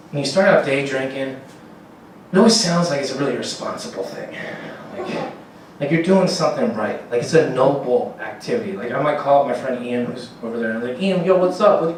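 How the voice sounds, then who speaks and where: A man's voice: medium pitch, lively intonation, moderate pace, a little hiss or hum. A man doing a rambling, profane stand-up comedy set on a comedy club stage, laughing at his own jokes. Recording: very echoey room, distant mic, faint ambience.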